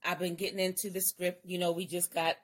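A middle-aged woman co-hosting a casual chat show, talking in a lively, chatty way. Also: on the low side. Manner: lively, chatty, many quick agreements. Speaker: co-host.

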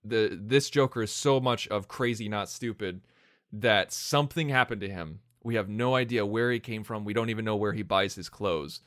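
A man's voice: fairly low pitch, moderate pace, hardly any pauses, fairly bright tone, dry recording, clean studio sound. A man eagerly sharing his opinions in casual podcast conversation, leaning heavily on "like" and "you know.". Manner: enthusiastic, heavy on "like" and "you know". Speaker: podcast co-host.

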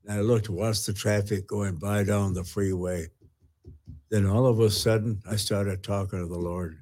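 An older man, a retired pastor, earnestly telling his personal testimony with halting restarts. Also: lowish voice, steady tone, darkish tone.

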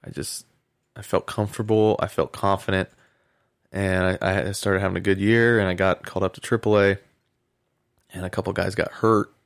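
A man, a former pro baseball player, telling an animated story in a podcast interview and acting out the quotes. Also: low-pitched, normal speed, gravelly, dry recording, studio quality. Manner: animated anecdote, acts out quotes, laughs often.

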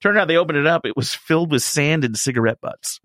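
A man telling a story on a radio talk show, in a casual, animated way, laughing through it. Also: a little high, fast, no room sound, studio quality.

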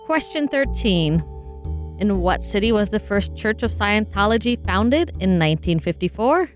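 A woman's voice: medium pitch, big pitch swings, moderate pace, faint music behind. A woman co-hosting a trivia podcast, reading out questions and bantering in a giggly, self-deprecating way.

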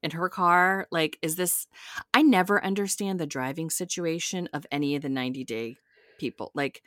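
A woman's voice: low voice, moderate pace, fairly bright tone, no echo, studio quality. A woman podcast co-host chatting casually as she recaps a reality show, acting out quotes with big jumps in voice.

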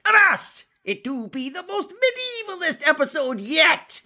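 A man putting on an exaggerated pirate voice, a hammy male pirate captain announcing in a slow, theatrical drawl. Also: extremely high pitch, very animated, bright, forceful tone, pitched above the performer's own voice, full character voice. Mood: boisterous.

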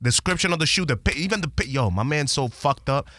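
A man hosting a podcast, animated and profane as he retells a story in casual slang. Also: fairly high pitch, fast, no room sound, clean studio sound.

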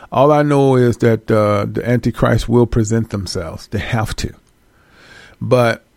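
A man giving an animated casual monologue to his viewers, swearing freely and laughing often. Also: mid-range voice, gravelly, no room sound, studio quality. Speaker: host.

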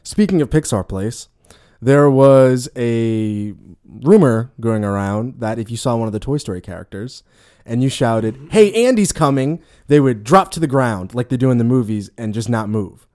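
A man's voice: medium pitch, moderate pace, a little mellow. A man hosting a casual podcast, rambling with lots of fillers and restarts. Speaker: podcast host. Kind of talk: casual chat.

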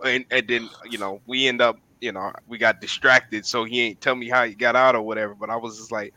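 A man with a bright, forward tone chats on a podcast in a loose, slangy way. He tells his stories with energy and keeps saying "man". The sound is close and dry. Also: medium pitch, a little fast, few pauses, dry recording, rough recording. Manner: animated storytelling with slang, says "man" often. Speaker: podcast co-host. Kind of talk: casual chat.

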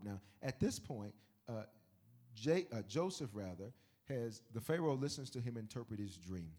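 A male pastor preaching an animated sermon, teasing the congregation and quoting scripture. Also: on the low side, moderate pace, breathy edge.

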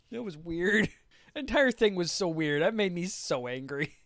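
A man hosts a casual show and picks apart an episode with a friend. His voice sits a little high and sounds close and dry, with no room around it. He laughs easily and breaks into exasperated, swearing rants. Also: expressive, a little slow, a bit bright, no room sound. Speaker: podcast host. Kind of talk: casual chat reviewing a TV show.

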